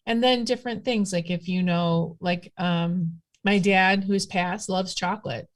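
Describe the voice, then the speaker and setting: A woman's voice: fairly low pitch, measured pace. A woman guest telling stories in a casual conversation, chatty and rambling with lots of fillers. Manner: chatty, rambling, animated storytelling with many fillers. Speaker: guest, witchcraft practitioner.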